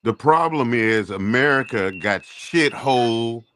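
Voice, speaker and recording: A man's voice: mid-range voice, animated, a little slow, bright, forceful tone, slight background noise. A man hosting a casual morning talk show, delivering a rambling, profane, preachy rant. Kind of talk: casual chat.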